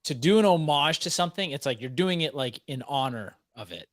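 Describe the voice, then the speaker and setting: A man's voice: on the high side, lively intonation, a little fast, a bit bright, no echo, clean studio sound. A man in a casual livestream chat about watches, explaining his view at length with lots of "like" and "right?".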